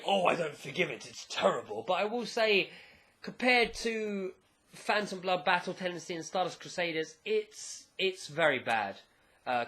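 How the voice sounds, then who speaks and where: Man from England, casual reviewer: higher-pitched, animated and profane. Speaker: anime reviewer.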